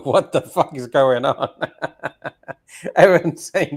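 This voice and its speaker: A man's voice: medium pitch, slow pace, darkish tone. A man co-hosting a livestream who swears often and stumbles over his words, sounding emotional. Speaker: livestream co-host. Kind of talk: livestream chat.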